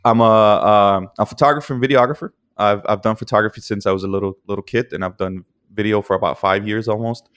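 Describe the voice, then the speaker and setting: A man's voice: lowish voice, fairly even intonation, quick pace, hardly any pauses, fairly bright tone, smooth. A man from Denmark co-hosting a podcast, chatting casually and joking with laughs. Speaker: podcast co-host. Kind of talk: casual chat.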